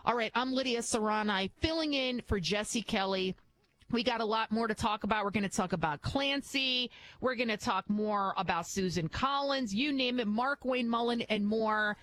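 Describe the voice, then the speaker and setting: A woman's voice: a little high, moderate pace, fairly bright tone, no echo, poor audio. Blunt, emphatic woman talk radio host. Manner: blunt and emphatic, acts out voices in anecdotes. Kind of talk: opinionated talk radio monologue.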